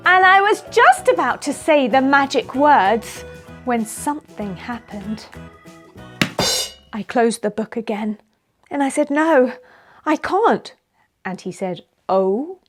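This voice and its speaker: High, bubbly woman storyteller for kids. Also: measured pace. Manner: expressive, playful, speaks directly to children. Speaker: children's storyteller. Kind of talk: animated storytelling for children. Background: faint music.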